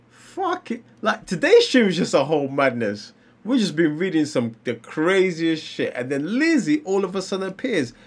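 Animated streamer, lively voice. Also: male voice, fairly high pitch, moderate pace. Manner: animated, exclaiming and laughing while reacting. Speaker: livestreamer reading comics. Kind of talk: casual live-stream commentary.

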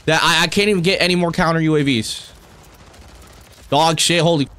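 A young man streaming a shooter game, commenting live with profane, excitable and frustrated outbursts. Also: on the high side, brisk, smooth. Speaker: gaming streamer.

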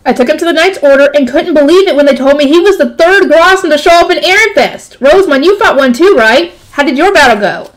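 A woman's voice: sits high, animated, fast, hardly any pauses, rough recording. A woman reading the lines of an eager young male noble who brags about his battle. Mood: boastful. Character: young male noble boy, boastful and excited.

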